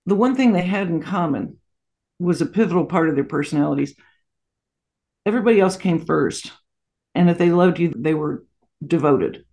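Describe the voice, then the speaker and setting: A woman in her sixties recounting family memories in an interview. Her voice has a gravelly fry, and she tells stories with lots of asides and small laughs. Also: fairly low pitch, animated, normal speed, pauses often. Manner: warm anecdotal storytelling with frequent laughs and asides. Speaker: guest. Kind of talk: storytelling interview.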